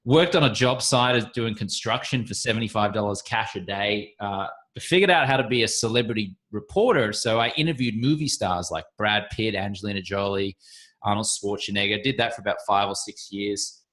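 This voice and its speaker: Australian man in his forties, lowish voice, breezy self-deprecating guest. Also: brisk, a bit bright. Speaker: podcast guest. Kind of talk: casual interview chat.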